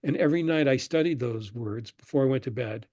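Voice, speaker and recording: An older man, a guest on an interview show, telling relaxed stories about his past and acting out the people he quotes. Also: medium pitch, a little fast, dry recording, studio quality. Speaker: guest, screenwriter and professor. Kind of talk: conversational interview storytelling.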